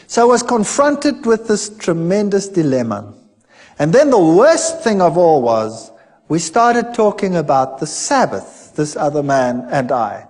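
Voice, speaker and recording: Animated man telling his testimony. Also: high voice, moderate pace, big-room sound. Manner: animated storyteller acting out quoted dialogue. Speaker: former science lecturer telling his conversion story. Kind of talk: personal testimony talk.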